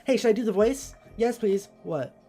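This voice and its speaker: With faint music playing behind her, a woman streamer talks casually at a normal pace in a mid-range, dark-toned voice. She rambles, hopping from one thought to another.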